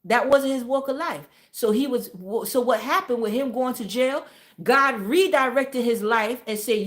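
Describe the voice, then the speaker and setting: A woman vlogger talking casually, rambling and repeating herself, trailing off into low mutters. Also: unhurried, a bit bright. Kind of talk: casual monologue.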